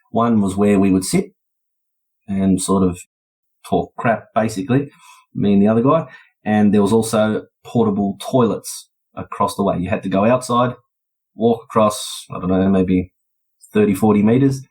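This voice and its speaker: A man's voice: fairly low pitch, a little mellow, slightly rough, poor audio. An Australian man, a podcast guest, recounting events in a chatty, laid-back way. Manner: chatty, laid-back, slips into voices when quoting. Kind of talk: casual storytelling.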